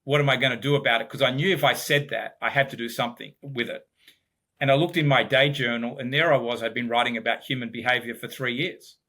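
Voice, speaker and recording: A man's voice: medium pitch, steady tone, fast, pushed and bright. A middle-aged man with an Australian accent, a podcast guest telling his career story reflectively, often repeating words as he starts. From Sydney, Australia. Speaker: guest, business founder. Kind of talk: podcast interview.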